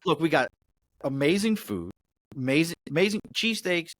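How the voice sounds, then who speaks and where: Speaking at a normal speed, this middle-aged man has a fairly high, expressive voice and no room sound behind him. He owns a business, hails from the Mid-Atlantic US with a Baltimore accent, and guests on a podcast, chatting loosely and cursing through blunt stories.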